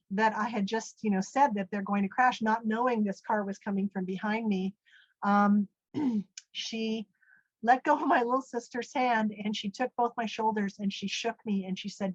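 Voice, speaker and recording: A woman's voice: medium pitch, no echo, dull audio. A woman from the United States telling her own story as an interview guest, earnest and rambling with many asides. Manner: earnest, rambling, full of "you know" and "literally". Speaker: guest recounting a near-death experience. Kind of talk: conversational storytelling.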